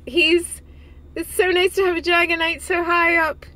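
A woman vlogging casually who gushes with excitement and laughs often. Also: very high voice, moderate pace. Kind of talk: casual excited vlog chat.

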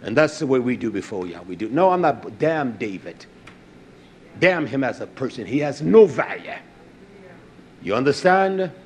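An older man recounts his own story in an animated way, voicing the people he quotes. His pitch sits in an ordinary middle range. A faint hiss runs under the recording. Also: normal speed, pauses often. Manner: animated, acts out quoted dialogue, repeats words. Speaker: speaker giving a testimony. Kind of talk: personal storytelling.

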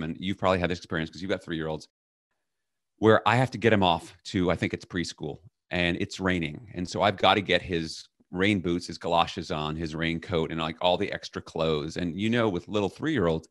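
A middle-aged man, a leadership coach, telling a personal story as a podcast guest and loudly acting out the orders he quotes. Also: low-pitched, fairly quick, no room sound, studio quality. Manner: animated, acts out quoted commands loudly.

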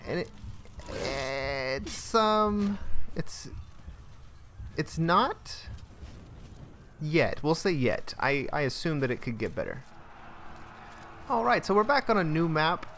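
A man's voice: on the high side, sing-song, slow, long pauses, fairly bright tone, a little hiss or hum. A young man hosting his own channel, giving playful, joking commentary over his gameplay and now and then singing a silly made-up song. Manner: joking, playful, sings improvised silly songs. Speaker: gaming channel host.

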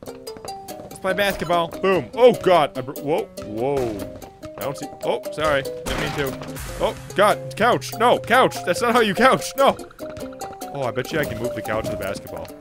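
A man doing comedic gameplay commentary as a gaming YouTuber, giggling and swinging from high shrieks to low mutters. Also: sing-song, measured pace, music in the background.

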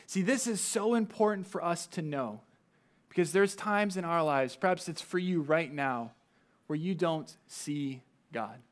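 A man's voice: a little high, a little slow. A man preaching a sermon, talking to the congregation in a conversational way with asides. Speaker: pastor.

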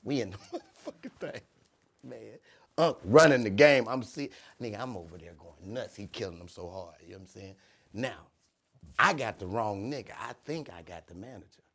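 Low-voiced man telling stories. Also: a little fast, husky. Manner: animated, slips into character voices. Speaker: podcast host. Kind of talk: comedic storytelling.

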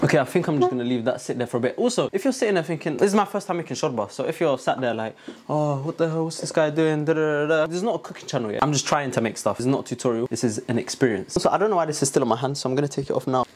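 A man's voice: medium pitch, expressive, very fast, few pauses, darkish tone, husky. A young man, rambling and joking to himself while he cooks. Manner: jokey, rambling self-talk, flustered and stressed. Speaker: vlogger cooking for his family. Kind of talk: casual chatty vlog. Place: home kitchen. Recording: noisy kitchen recording.

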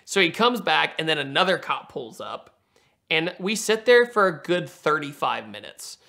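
A young man from Virginia telling a car story in a casual, animated way, laughing and acting out the quotes. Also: fairly high pitch, moderate pace, vocal fry.

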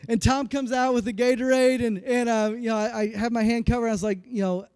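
A pastor in his forties preaching a sermon, telling a personal story in an animated, self-deprecating way. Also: extremely high pitch, a little fast, clean tone, no room sound, studio quality. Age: 40s.

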